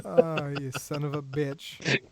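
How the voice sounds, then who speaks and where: An American man hosting a podcast chat, joking and crude, teasing his guests. His voice sits somewhat high for a man. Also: flat delivery, slow, a bit bright. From United States. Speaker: podcast host.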